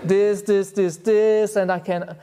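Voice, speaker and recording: A man's voice: high-pitched, slow pace. Man giving a devotional talk. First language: German. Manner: chuckles often, relaxed and storytelling. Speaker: spiritual teacher.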